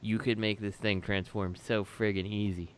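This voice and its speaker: Man, podcast co-host, methodical explainer, low voice, smooth and resonant. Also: flat delivery, normal speed. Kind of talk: casual chat.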